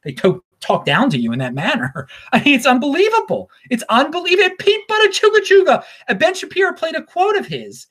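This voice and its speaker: A man hosts his own talk show alone. He rambles and stammers, doubling his words and chuckling between thoughts. His voice rises and falls in a lively, animated way. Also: very high-pitched, fairly quick, few pauses. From Baltimore, USA. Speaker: show host. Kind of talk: casual solo commentary.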